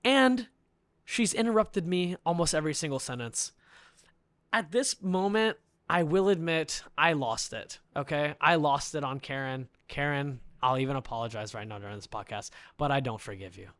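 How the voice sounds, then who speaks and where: A man's voice: on the high side, normal speed, a bit bright, dry recording. A man telling an indignant story on a podcast, building up with bursts of laughter. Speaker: podcast guest. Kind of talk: animated storytelling rant.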